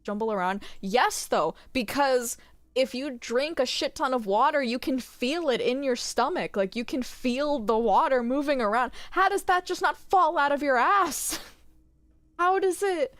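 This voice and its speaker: A woman's voice: high-pitched, animated, a little slow, a bit bright, dry recording. A young woman streaming a game, chatting casually with candid, crude humor and frequent giggles. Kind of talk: casual gaming stream chat.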